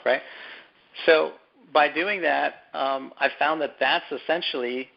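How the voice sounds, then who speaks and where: A man being interviewed as an author, speaking thoughtfully and haltingly, often repeating words as he gathers his thoughts. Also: a little high, fairly even intonation, creaky, highs cut off. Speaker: author and guest. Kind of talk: conversational interview.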